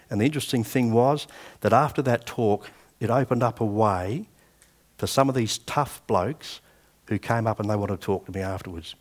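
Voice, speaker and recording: Australian man, sixties, preacher, conversational storytelling sermon. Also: mid-range voice. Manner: conversational storytelling, acting out past dialogue. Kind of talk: sermon with personal testimony.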